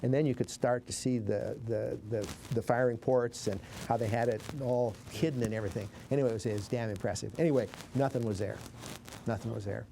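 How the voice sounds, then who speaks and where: Gravelly older man recalling memories. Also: medium pitch, steady tone, dark tone, slight background noise. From Montana, USA. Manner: halting, many restarts and fillers, plain-spoken. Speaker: veteran recounting war memories. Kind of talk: oral history interview.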